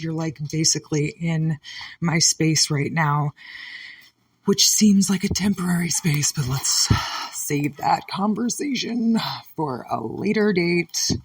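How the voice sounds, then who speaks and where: With a fairly low, breathy-edged voice, a comedian who hosts her own podcast speaks candidly and emotionally in a personal monologue about something that hurts. Upset, she jumps around and is sometimes sarcastic.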